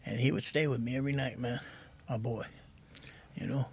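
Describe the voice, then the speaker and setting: Guesting on a podcast, a middle-aged man recounts his path to recovery, quiet and hesitant, with "man" cropping up repeatedly. His mid-range voice is steady in tone and slightly rough.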